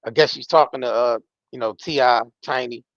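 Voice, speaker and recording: A man's voice: medium pitch, brisk, dry recording. A man hosting a live stream, giving casual commentary in loose, slangy, emphatic talk and swearing freely. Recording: dull, dry lo-fi audio.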